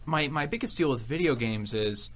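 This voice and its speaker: A man's voice: mid-range voice, lively intonation, normal speed, a bit bright. A man on a radio show promoting a gaming convention he does PR for, talking in a rambling, joking way full of "uh"s. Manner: rambling, filler-heavy, joking. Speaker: convention PR guest. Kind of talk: casual radio chat. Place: radio studio.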